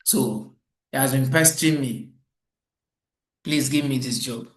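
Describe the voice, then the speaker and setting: A man's voice: mid-range voice, a little slow, reverberant, low-quality recording. A middle-aged man giving a customer service training lecture, telling stories and acting out quoted exchanges. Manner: animated storytelling, acts out quoted exchanges.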